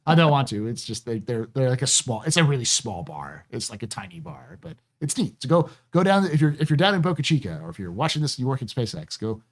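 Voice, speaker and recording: A man's voice: medium pitch, very animated, fast, few pauses. A man hosting a podcast, chatting casually and repeating words as he thinks. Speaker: podcast host. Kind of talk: casual chat.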